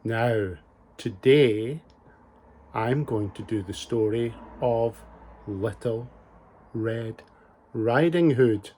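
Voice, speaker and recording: A man reading a fairy tale aloud to children in a gentle, expressive way. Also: medium pitch, very slow, pauses often. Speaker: storyteller.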